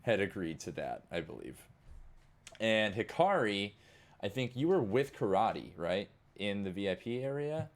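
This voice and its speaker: Young guy gm'ing a tabletop game, lowish voice, rambly, lots of "like". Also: very animated, unhurried. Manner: rambling, many fillers like "like" and "you know". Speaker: game master.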